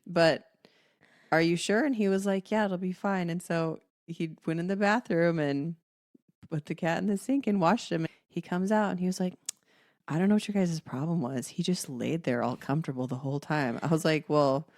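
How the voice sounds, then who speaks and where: A woman's voice: fairly low pitch, normal speed, no echo, clean studio sound. A middle-aged woman hosting a podcast, telling a family story in casual chat and acting out the voices of the people in it. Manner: animated, acts out quoted family members. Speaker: podcast co-host.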